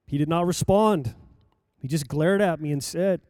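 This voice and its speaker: An older man preaching, telling a personal story in a lively anecdotal way with acted-out quotes. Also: on the high side, normal speed, dry recording, clean studio sound. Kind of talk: sermon storytelling.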